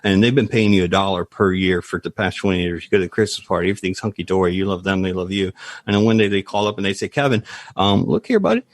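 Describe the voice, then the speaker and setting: A man guesting on a business podcast, an animated storyteller who explains through analogies. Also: low-pitched, very fast, no echo. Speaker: guest, practice valuation advisor. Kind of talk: podcast interview.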